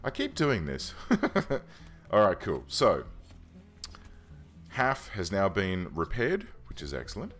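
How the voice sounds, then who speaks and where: A man's voice: low voice, huge pitch swings, slow pace, fairly bright tone. A man hosting a let's play, chatting casually and thinking aloud as he plays, often correcting himself mid-sentence. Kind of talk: casual game commentary. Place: home room.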